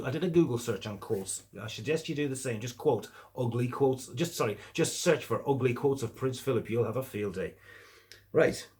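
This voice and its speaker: Middle-aged Midlands man, mid-pitched, for a profane, sarcastic political rant. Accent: English Midlands. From English Midlands. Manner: sarcastic, heavily profane, indignant. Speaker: political commentator. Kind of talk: angry opinion rant.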